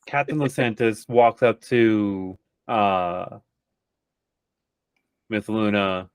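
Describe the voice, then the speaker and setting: Slow, low-voiced male game master. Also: clean tone, no room sound. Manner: unhurried, with many fillers. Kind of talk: narrating a tabletop game.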